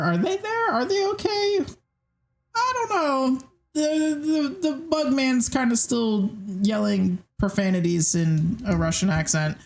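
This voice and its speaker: A woman's voice: lowish voice, a little mellow. Woman game master narrating with fillers. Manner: casual, hesitant with many fillers.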